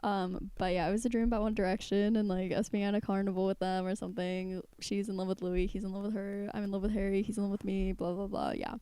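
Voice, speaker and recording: A woman's voice: mid-range voice, little pitch movement, quick pace, few pauses, mellow, clean tone, dry recording. A woman in her twenties co-hosting a podcast, telling rambling stories with lots of giggles in a casual chat. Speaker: podcast co-host.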